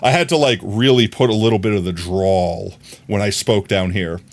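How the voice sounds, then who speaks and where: A man's voice: fairly low pitch, normal speed. Rambling man with a mild New York accent. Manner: rambling, repeats words, laughs often. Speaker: streamer. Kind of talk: casual chat while gaming.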